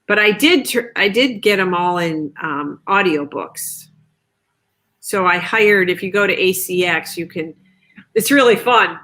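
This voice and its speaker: A woman author chatting on a video call, telling stories in a lively way and acting out quoted lines. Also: fairly low pitch. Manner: chatty, animated storytelling with quoted asides. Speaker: author guest. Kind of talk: casual video chat.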